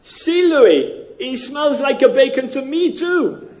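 Pepe: anxious falsetto desert wanderer. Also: male voice, lively intonation, takes it slowly, darkish tone, roomy sound, highs cut off, slight background noise, full character voice. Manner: high comic falsetto, broken grammar. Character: anxious doubting man lost in the desert.

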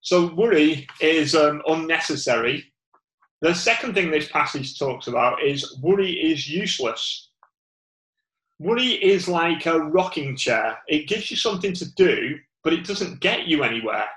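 A man's voice: a little high, lively intonation, measured pace, a bit bright, roomy sound, rough recording. A man with a Northern English accent giving an informal sermon, rambling with many fillers and restarts. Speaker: preacher.

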